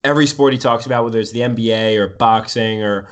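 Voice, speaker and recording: Excitable young man telling a sports story. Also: on the low side, fast talker. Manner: excited storytelling, says dude a lot. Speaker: sports podcast host. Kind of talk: casual sports chat.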